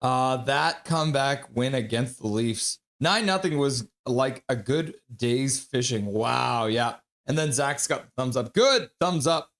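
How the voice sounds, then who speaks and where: A man's voice: mid-range voice, animated, unhurried, hardly any pauses, a bit bright. A middle-aged man hosting a hockey livestream, chatting casually and greeting viewers by name. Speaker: livestream host reading chat. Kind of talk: casual hockey pregame stream chat.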